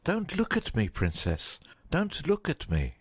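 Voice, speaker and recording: A man playing an anguished, husky huntsman. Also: on the high side, huge pitch swings, exaggerated voice. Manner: slow, heavy, pleading delivery. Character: anguished loyal huntsman torn by duty.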